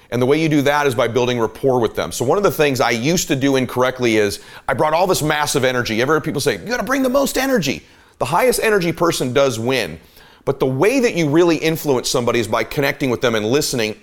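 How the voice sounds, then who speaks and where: An emphatic man delivers a motivational teaching monologue as a podcast host. His voice sits in an ordinary middle range, and he coaches with insistent repetition. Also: mid-range voice. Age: adult parent.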